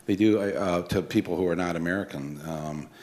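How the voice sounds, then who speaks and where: A man moderating a panel, talking casually with lots of halting fillers. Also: deep voice, darkish tone.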